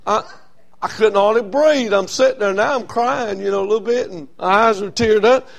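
A man preaching a sermon as a Baptist pastor, telling a story that swings from quiet and low to loud and raised. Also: moderate pace, vocal fry.

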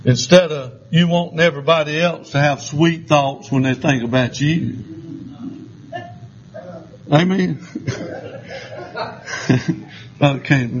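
High-pitched fiery preacher man. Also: a little slow, pauses often, highs cut off, a crowd in the background. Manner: fiery call-and-response preaching, shouting and chuckling. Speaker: pastor. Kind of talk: sermon. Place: church sanctuary.

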